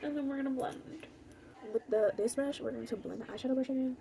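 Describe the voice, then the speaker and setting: A woman's voice: high voice, fast talker, vocal fry, warm tone. A woman chatting casually through a makeup tutorial, rambling and joking to herself. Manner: rambling, talks to herself, jokey. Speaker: beauty vlogger.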